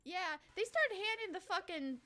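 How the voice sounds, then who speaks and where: A woman's voice: sits high, lively intonation, normal speed, fairly bright tone. A young woman streamer reacting to videos in casual, rambling, profane commentary, often getting worked up. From United States. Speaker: Vtuber streamer.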